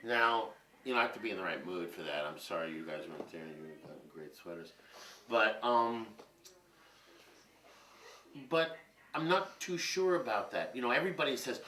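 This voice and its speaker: Swearing, animated man in his fifties. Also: on the low side, moderate pace, long pauses. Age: 50s. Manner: profane, rambling, animated storytelling. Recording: roomy and distant from mic.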